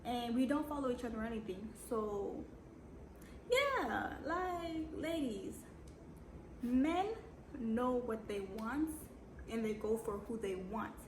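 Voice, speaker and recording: A woman's voice: a little high, animated, slow pace. A young woman with a Jamaican accent telling a storytime vlog, blunt and sassy with slangy asides and dramatic repeats. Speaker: vlogger. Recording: echoey room with background noise.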